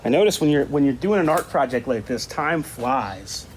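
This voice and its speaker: An easygoing man gives a relaxed, chatty art lesson and thinks out loud as he works on a craft project. His voice sits at an ordinary middle pitch. Faint room noise hums underneath. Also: normal speed. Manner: easygoing, thinks aloud while drawing. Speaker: art teacher. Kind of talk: casual talk-along art lesson.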